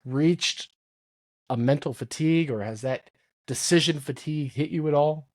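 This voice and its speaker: A man hosting a podcast, telling stories in casual chat and quoting others in lively voices. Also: on the high side, moderate pace. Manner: animated storyteller, quotes others in lively voices. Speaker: podcast host.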